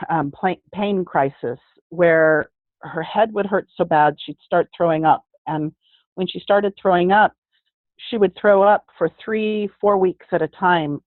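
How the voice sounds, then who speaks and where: A woman's voice: fairly low pitch, dry recording. A middle-aged woman giving a heartfelt personal testimony in an earnest way, often restarting her sentences. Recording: tinny phone-like sound, dry.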